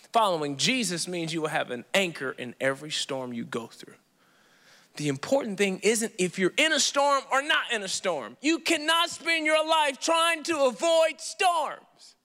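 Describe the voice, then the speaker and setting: Bright-voiced preacher in a reverberant hall. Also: male voice, extremely high pitch. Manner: animated, conversational preaching with playful asides. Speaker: pastor. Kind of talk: sermon.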